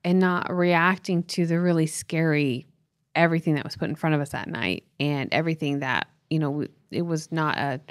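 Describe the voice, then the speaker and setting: Woman, 40s, parenting podcast co-host; earnest and tender storyteller, slightly low voice, dry close mic. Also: moderate pace, dry recording. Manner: earnest, tender, with many "you know" fillers. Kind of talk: emotional personal story on a podcast.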